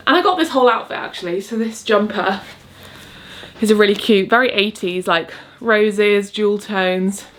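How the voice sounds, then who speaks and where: A young woman chatting casually at home in a vlog, upbeat and rambling, with fillers. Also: mid-range voice. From England. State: out of breath. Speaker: vlogger. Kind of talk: casual chat. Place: home, cottage.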